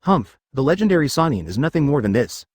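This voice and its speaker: A synthetic male reader voicing a cold, cocky male ninja who hides his identity, read in an even manner. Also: mid-range voice, quick pace, slightly rough, no echo, clean studio sound.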